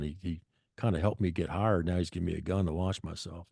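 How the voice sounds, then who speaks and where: A man's voice: deep voice, fast, vocal fry, darkish tone, no room sound, studio quality. A middle-aged man guest telling stories in a blunt, profane, rambling way, often restarting his sentences. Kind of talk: casual storytelling.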